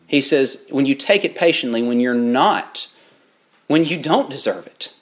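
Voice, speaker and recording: A man preaching a sermon, shifting between folksy, chatty storytelling and drawn-out, rising emphasis on scripture. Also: mid-range voice, lively intonation. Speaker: pastor.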